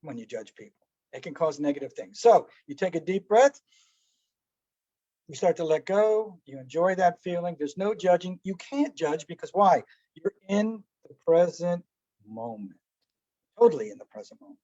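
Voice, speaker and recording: High-voiced man teaching relaxation, lo-fi sound. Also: animated, moderate pace, mellow, no echo. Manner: conversational, asks rhetorical questions, acts out anecdotes with little voices. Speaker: meditation teacher. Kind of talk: relaxed spoken teaching talk. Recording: dull lo-fi dry recording.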